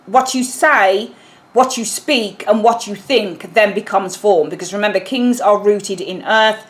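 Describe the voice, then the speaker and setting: Chatty woman reading tarot. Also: mid-range voice. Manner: chatty, apologetic, self-correcting. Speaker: tarot reader.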